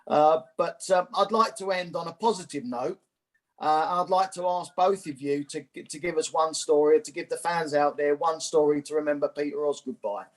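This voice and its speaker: A male host with a fairly high voice wraps up a podcast, speaking in a measured, polite way with small hesitations as he hands over to his guests. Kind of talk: podcast wrap-up.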